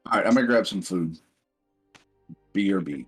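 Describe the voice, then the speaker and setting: Loose, excitable man chatting casually. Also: low-pitched, moderate pace, breathy edge, soft background music, rough recording. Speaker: tabletop game player. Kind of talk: casual chat during a game break.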